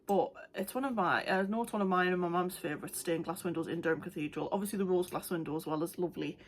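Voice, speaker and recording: A woman's voice: fairly low pitch, fast talker, a little hiss or hum. Chatty young woman. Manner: chatty, rambling, with many fillers. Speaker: art vlogger. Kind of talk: casual chat.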